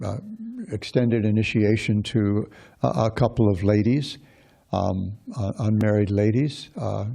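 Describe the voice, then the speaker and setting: A man with a low, gravelly voice gives a scripture class. His tone is dark and a little husky, and he rambles along with lots of fillers and restarts. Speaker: speaker giving a scripture class.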